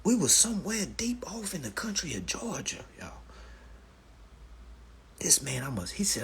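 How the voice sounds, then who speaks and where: A man's voice: mid-range voice, normal speed, long pauses, slight background noise. A man hosting a live stream, telling stories and giving advice in a casual, profane manner, often calling his viewers family. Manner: animated, profane storytelling, addresses viewers as family.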